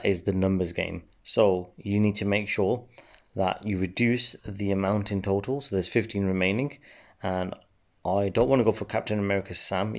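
A man casually commenting on his mobile game play, relaxed and rambling with many fillers. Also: fairly low pitch. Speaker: game channel host.

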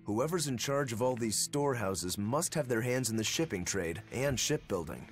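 A man's voice: medium pitch, lively intonation, moderate pace, faint music behind, close to an everyday voice. An actor playing a practical young male swordsman in a game, speaking in a level, matter-of-fact way.

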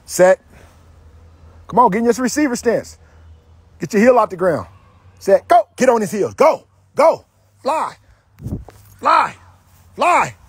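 Husky man barking football drills. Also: sits high, moderate pace, pauses often, no echo. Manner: loud, teasing, energetic barked commands. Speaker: football coach. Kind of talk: coaching drills with trash talk.

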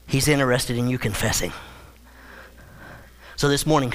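A male pastor preaching a sermon, emphatic, with dramatic slowdowns and playful acted-out quotes. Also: on the high side, a bit bright, in a large hall. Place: church sanctuary.

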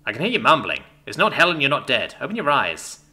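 A man's voice: mid-range voice, wildly swooping pitch, fast talker, sharp tone, exaggerated voice. A man voicing a reckless, teasing young man who loves thrills, laid-back and amused.

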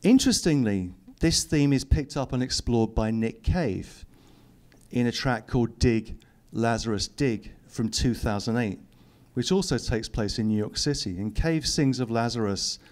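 A man's voice: medium pitch, unhurried, a little mellow. A middle-aged man, reading his own book aloud to an audience and adding dry, teasing asides. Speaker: author giving a public reading. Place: lecture hall.

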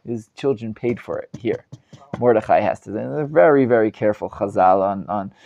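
A man teaching a live Torah class as a rabbi, animated and emphatic, often restarting and repeating words. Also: lowish voice, moderate pace, gravelly, highs cut off.

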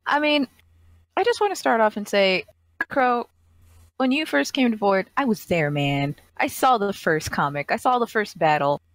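A woman's voice: mid-range voice, sing-song, moderate pace, no echo. A woman co-hosting a casual podcast, giving enthusiastic, slangy praise to a comic. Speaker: co-host reviewing comics.

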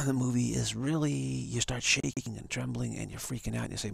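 A man's voice: medium pitch, steady tone, a little fast, vocal fry, slightly rough, no room sound. A man on a live stream, telling a long hypothetical story in a rambling way with many restarts. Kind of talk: storytelling monologue. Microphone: home setup for a live stream.

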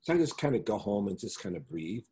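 A flamboyant middle-aged man chats as a guest over a video call, his voice sitting fairly low. He tells his stories with animation and slips into the voices and accents of whoever he is quoting. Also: very animated, quick pace, warm tone. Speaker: interview guest. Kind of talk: casual interview chat.

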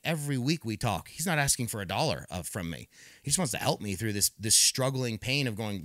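A man in his thirties speaks as a podcast guest, recounting hard times with earnest, emphatic energy. He stumbles and repeats words as he restarts, and voices other people's lines in his own voice. His voice sits at an ordinary pitch and sounds close and dry. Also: lively intonation, fairly quick, a bit bright, no echo. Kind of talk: candid personal storytelling.

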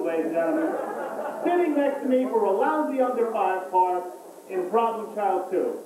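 A man doing a stand-up comedy set in a small comedy club, with a hammy emcee delivery and drawn-out asides. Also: extremely high pitch. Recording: far-off, echoey club recording with hiss.

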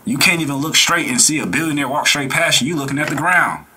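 A man hosting a reaction video, talking in blunt slang and lecturing his viewers in a casual, animated way. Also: fairly high pitch, fast talker, slight background noise.

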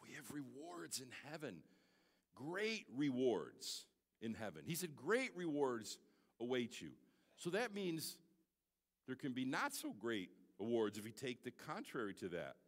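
A male pastor preaching a sermon in a church, swinging from shouted exclamations to soft, near-tearful asides. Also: mid-range voice, wildly swooping pitch, measured pace. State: holding back tears. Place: church sanctuary. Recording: long hall reverb.

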